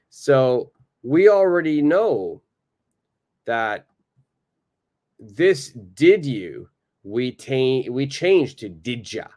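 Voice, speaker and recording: A North American man teaching English in a live online lesson. He speaks slowly and patiently, with a mid-range voice, and says phrases over and over for learners to repeat. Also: mid-range voice, sing-song.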